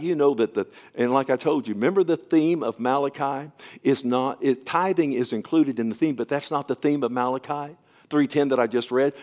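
A man's voice: medium pitch, darkish tone. A man preaching a sermon as pastor, emphatic and repeatedly asking his congregation to affirm what he says.

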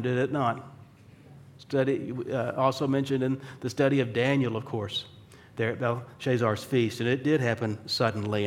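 A man preaching a sermon in a conversational way, asking rhetorical questions and slipping in dry, wry humor. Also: mid-range voice. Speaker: pastor.

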